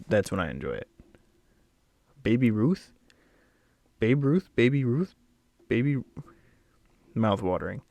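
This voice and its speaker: Reviewing snacks alone on camera, this young man rambles, makes self-deprecating remarks, and delivers blunt judgments a bit breathlessly. He has a medium-pitched voice with vocal fry and a darkish tone, captured in a dry recording.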